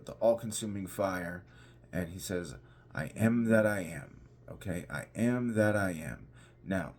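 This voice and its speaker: Low-voiced guy preaching casual, lots of um and restarts, repeats stuff to hammer it home. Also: darkish tone. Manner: conversational, restarts and fillers, emphatic repetition. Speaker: pastor. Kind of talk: informal devotional teaching.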